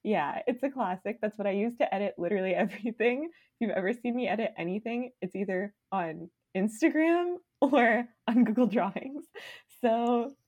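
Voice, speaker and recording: A woman's voice: a little high, moderate pace, a little mellow. Giggly woman podcast co-host. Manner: giggly, laughs between phrases, lots of 'like'. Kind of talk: casual podcast chat.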